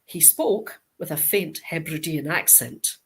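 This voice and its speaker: A middle-aged Scottish woman, a guest author in an interview, telling stories with lively acted-out quoted dialogue. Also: low-pitched, unhurried, husky. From Scotland. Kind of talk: interview anecdote.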